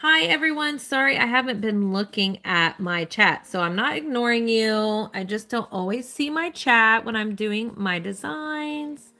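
A woman's voice: fairly high pitch, animated, a little slow, few pauses, pushed and bright, faint music behind. A woman hosting a live stream, chatting casually and cheerfully while answering her viewers' questions as she plays a game. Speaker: live-stream host playing a mobile game.

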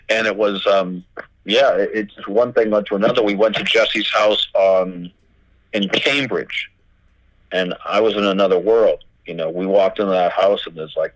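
Low, dry-voiced storyteller man. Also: no echo, poor audio. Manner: animated, acts out quoted dialogue, swears freely. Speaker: record label owner, guest. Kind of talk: casual storytelling interview.

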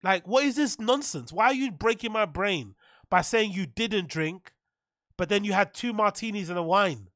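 High, bright-voiced man streaming. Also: normal speed, no echo, studio quality. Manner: animated, swearing, loud shout-outs. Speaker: streamer reacting to clips. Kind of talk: casual live-stream reaction.

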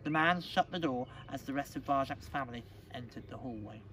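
A male teacher reading a storybook aloud at a school assembly, expressive and dramatic. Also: medium pitch, a little fast. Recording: distant mic, faint background noise.

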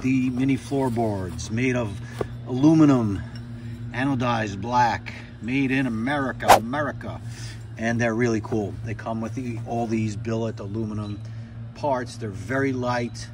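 A man's voice: mid-range voice, a little slow, background noise. Chatty man vlogging from his garage. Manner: rambling, friendly and chatty. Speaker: motorcycle vlogger. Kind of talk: casual vlog chat. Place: home garage.

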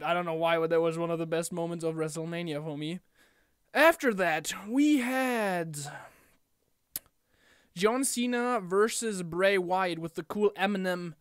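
A young man ranting casually about a wrestling event in a home vlog, animated and chatty, often slipping into impressions of the people he talks about. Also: high voice, smooth, dry recording, studio quality. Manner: animated, mimics wrestlers in quotes. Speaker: wrestling fan vlogger.

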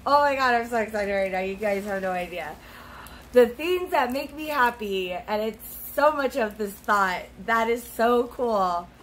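A woman's voice: fairly high pitch, animated, unhurried, slight background noise, low-quality recording. A young woman chatting at home as she opens gifts on camera, gushing with gasps and squeals. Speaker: vlogger opening mail. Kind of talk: casual unboxing chat.

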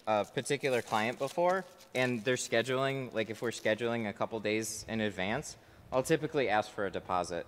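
A man's voice: medium pitch, a little fast, in a large hall, a little hiss or hum. A man who tints car windows, chatting casually on a livestream with lots of fillers and rambling asides. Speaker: window tint installer streaming live. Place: tint workshop. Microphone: headset.

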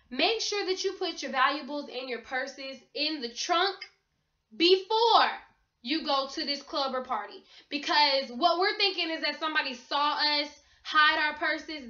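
A woman's voice: high-pitched, pushed and bright. A young woman telling a story to camera in a vlog, emphatic and swearing freely. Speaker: vlogger. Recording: roomy, dull lo-fi sound.

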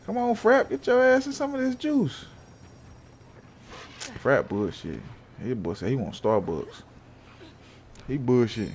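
A man talks through his game in a loose, profane, slangy way, trash-talking what is on screen. His pitch swings widely from line to line. Loud game sounds run clearly behind him. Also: animated, a little slow, long pauses, slight background noise. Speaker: gamer. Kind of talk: casual gameplay commentary.

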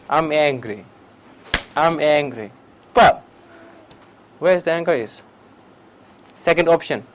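A man's voice: sits high, slight background noise, low-quality recording. A man giving a public talk on meditation in simple, broken English, with short repeated phrases and direct questions to his listeners. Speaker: meditation teacher.

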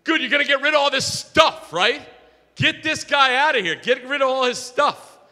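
A high, piercing, indignant middle-aged neighbor, put on by a man rants at full volume, sharp and tense. His voice rings back from a long church-hall reverb. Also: sing-song, normal speed, breathy edge, heavily acted. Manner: indignant, ranting, shouting. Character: irate middle-aged male neighbor ranting about homeless people.

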